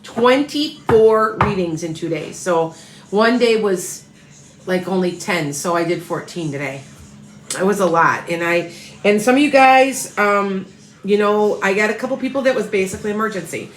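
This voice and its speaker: A woman's voice: mid-range voice, animated, moderate pace, reverberant, a little hiss or hum, rough recording. A tired woman reading tarot, chatting casually and rambling on a livestream as she greets viewers by name. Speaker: tarot reader.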